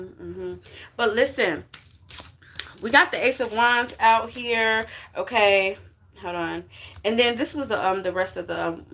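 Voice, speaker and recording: A woman's voice: fairly low pitch, fairly bright tone. A woman giving a casual tarot reading on a live stream, preachy and uplifting, full of call-and-response and slang. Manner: call-and-response, repeats "you get what I'm saying". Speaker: spiritual reader on a live stream.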